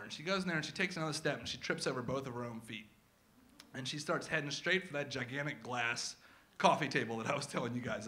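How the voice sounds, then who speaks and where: A man in his thirties telling a comic true story about his family to a live audience. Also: high-pitched. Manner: animated, comic, acts out his kids' voices. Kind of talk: live first-person storytelling.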